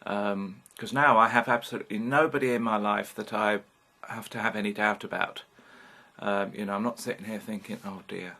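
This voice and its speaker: A man's voice: fairly low pitch, steady tone, brisk, bright, forceful tone. A British man in his fifties talking frankly in a rambling personal vlog, swearing casually as he goes. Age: 50s. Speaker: vlogger. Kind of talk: candid personal vlog monologue.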